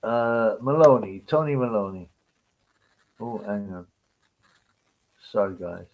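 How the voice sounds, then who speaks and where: A man's voice: lowish voice, expressive, slow pace, darkish tone, slight background noise, rough recording. A man hosting a live stream, ranting in a crude, mocking, rambling way. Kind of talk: casual live-stream rant.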